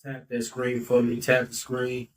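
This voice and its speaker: A man in his thirties hosting a casual podcast, speaking in a loose, heartfelt way. He stays at a mid pitch and keeps dropping in "bro" and "like." His voice sits a little back from the microphone. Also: monotone, a little slow, far from the mic, rough recording. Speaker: podcast host. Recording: voice a bit off-mic.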